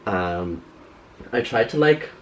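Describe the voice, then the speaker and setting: A man's voice: on the low side, slow pace, muffled recording, very noisy. Young male vlogger, chatty and exclamatory, swooping intonation. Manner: animated, exclamatory, laughs often. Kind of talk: casual chat. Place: bedroom at home.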